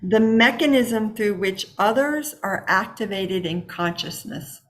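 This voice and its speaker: Host, woman, leads a spiritual healing circle; slow, unhurried delivery, mid pitch, affirming tone. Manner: encouraging, affirming, repetitive phrasing. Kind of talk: spiritual guidance talk. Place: home, online session.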